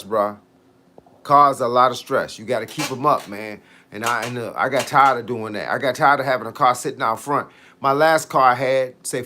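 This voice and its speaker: A man's voice: mid-range voice, bright, forceful tone. A middle-aged man, chatting casually on a fitness livestream, slangy and easygoing as he reads and answers viewer comments. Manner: laid-back slangy talk, drawn-out tangents.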